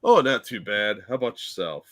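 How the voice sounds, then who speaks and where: A man co-hosting a casual podcast, telling animated anecdotes and swearing freely. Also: lowish voice, brisk. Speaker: podcast co-host. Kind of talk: casual chat.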